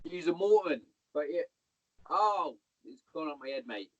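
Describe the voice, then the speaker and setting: A man's voice: fairly high pitch, expressive, moderate pace, no room sound. A man, a podcast guest rambling through army anecdotes in casual chat, swearing a lot and calling the listener "mate". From Hereford, England. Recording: dull lo-fi podcast audio.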